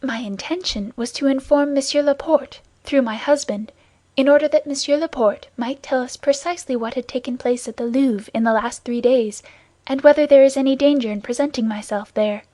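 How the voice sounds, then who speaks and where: Woman reading frightened young woman, urgent pleading tone, higher voice, dry close audiobook sound. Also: brisk, dark tone, no room sound.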